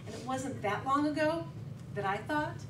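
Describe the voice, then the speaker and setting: Middle-aged woman, high voice, animated comic storyteller at a speech contest, heard from afar in an echoey hall. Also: moderate pace. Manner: lively, animated storytelling with laughing asides. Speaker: contest speaker. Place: meeting hall with audience. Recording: echoey hall, distant mic, background noise.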